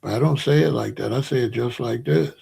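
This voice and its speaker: An American man hosts his own commentary show, talking casually and at length to viewers in a mid-range voice that is brisk, creaky, mellow, and husky. He rambles, repeats himself, and boasts.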